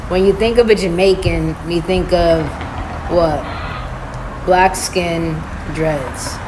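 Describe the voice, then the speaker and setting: A woman's voice: on the low side, slow pace, background noise. A woman from New York talking playfully in a casual social media clip.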